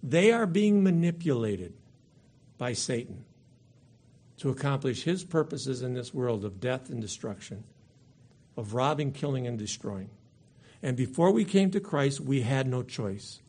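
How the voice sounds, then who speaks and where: Gravelly, husky-voiced male preacher. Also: mid-range voice, lively intonation, measured pace, a little mellow. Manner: emphatic, repeats key points for stress. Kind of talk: sermon with scripture reading.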